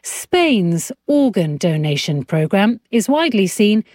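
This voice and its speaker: A woman presenting the news in a deliberate, scripted read. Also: mid-range voice, sing-song, a little mellow, no echo, clean studio sound.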